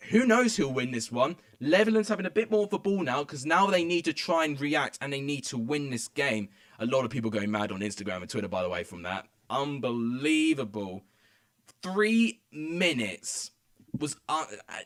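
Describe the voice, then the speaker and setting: A young man giving excitable, rambling commentary as he live-streams a football match from home. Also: a little high. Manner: excitable, rambling, many fillers. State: out of breath. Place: home room.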